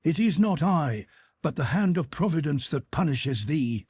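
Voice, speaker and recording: A man's voice: on the high side, big pitch swings, measured pace, darkish tone, husky, pitched above the performer's own voice, exaggerated voice. A man voicing a brooding nobleman speaking to himself, sad but firm. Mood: solemn. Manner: solemn, resolute.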